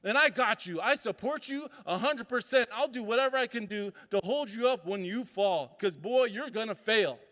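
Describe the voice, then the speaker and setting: A man's voice: high-pitched, animated, moderate pace, few pauses, bright, forceful tone. A man giving a motivational talk as a summit speaker. He tells stories and acts out voices and sounds. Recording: reverberant hall.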